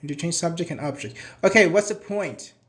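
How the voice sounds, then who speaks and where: A man's voice: fairly high pitch, fairly quick, a bit bright. A male teacher, leading a live online class in a chatty, encouraging way, praising students by name and asking them questions. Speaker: English teacher.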